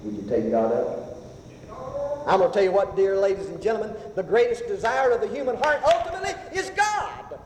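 A man preaching a sermon, swinging between loud rising passages and hushed, slow whispers. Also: high voice, big pitch swings, slight background noise. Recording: echoey hall, faint ambience.

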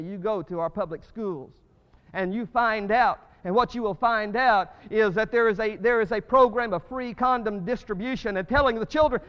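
Impassioned high-voiced preacher man. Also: smooth. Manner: impassioned preaching with sudden loud rises and hushed drops. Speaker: pastor. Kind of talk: sermon. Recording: muffled reverberant church recording.

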